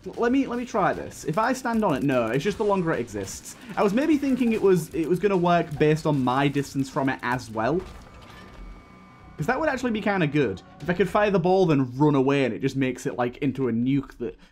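A man's voice: a little high, very animated, brisk, darkish tone, soft background music. A man giving casual, rambling gameplay commentary as a YouTuber, laughing often and restarting his sentences, with hiccups. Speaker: gaming YouTuber.

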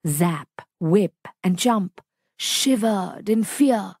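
A woman reading a children's story aloud in a slow, expressive storytelling manner. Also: mid-range voice, husky, no room sound, studio quality. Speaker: storybook reader.

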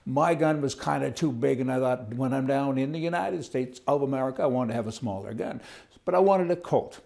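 Guy with a gravelly voice, blunt and rambly, chuckling at his own points. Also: mid-range voice, fairly quick, darkish tone. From Canada. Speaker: political commentator. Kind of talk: opinionated casual monologue.

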